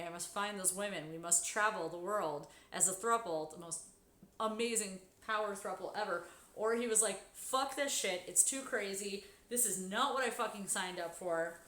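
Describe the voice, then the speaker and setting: Chatty swearing woman in an echoey room. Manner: chatty, swears a lot, bursts into loud high exclamations. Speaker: streamer sewing costumes. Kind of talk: casual storytelling while sewing on a live stream.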